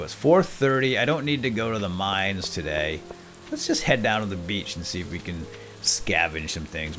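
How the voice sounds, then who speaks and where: A man doing casual commentary over a video game, with a voice that swings widely up and down in pitch. He gets excitable and talks straight to the characters on screen. Light music plays faintly behind him. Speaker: let's play gamer.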